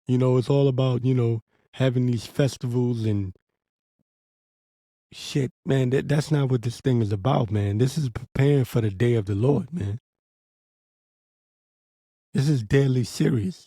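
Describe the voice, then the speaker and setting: A man's voice: medium pitch, creaky, mellow, husky, no echo, clean studio sound. A man giving a blunt, profane, urgent warning in a preaching commentary vlog, with frequent restarts. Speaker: religious commentator.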